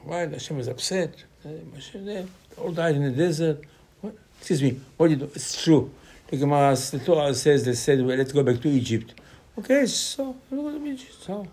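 A man's voice: on the high side, normal speed, mellow, breathy edge. A man giving an informal Torah lecture, arguing through rhetorical questions with his voice rising sharply.

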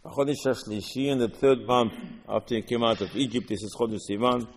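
A man giving a Torah lesson, explaining verses line by line in halting non-native English mixed with Hebrew. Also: medium pitch, steady tone, big-room sound. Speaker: Torah teacher.

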